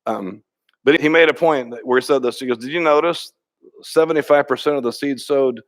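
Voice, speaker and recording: A man's voice: medium pitch, a little fast. A middle-aged man pastor preaching a sermon in a conversational way, often restarting and repeating words, and telling stories with quoted dialogue.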